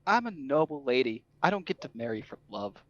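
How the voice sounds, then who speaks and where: A man's voice: medium pitch, big pitch swings, fairly quick, a bit bright, dry recording, lo-fi sound. A man playing a gloomy tipsy noble lady. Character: melancholy drunk noble lady Atria. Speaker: player. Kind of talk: in-character tabletop play.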